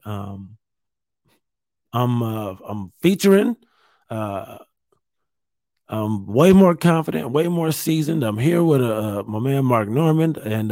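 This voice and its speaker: A stand-up comedian from Ohio telling a candid story to camera from a hotel room, pausing often and restarting his sentences. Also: medium pitch, darkish tone, no echo, clean studio sound. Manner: halting, many fillers and restarts, candid.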